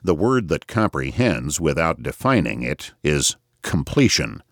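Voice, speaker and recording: Very deep-voiced male audiobook narrator. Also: very animated, a little slow, dry recording, studio quality. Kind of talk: first-person audiobook narration.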